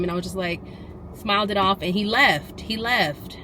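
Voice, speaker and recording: A woman vlogging casually about her day as a busy mother, with a voice that sits at a middling pitch. She tells her stories in a lively, exasperated way. The steady noise of a vehicle and passing traffic is clearly heard behind her. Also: fairly quick. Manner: animated, exasperated storytelling. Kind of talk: casual vlog chat.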